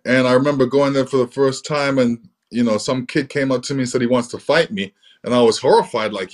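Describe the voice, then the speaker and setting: A man's voice: mid-range voice, fairly quick. Easygoing man telling stories, filler-heavy. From England. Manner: easygoing, many fillers like "you know". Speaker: interview guest. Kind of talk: relaxed storytelling.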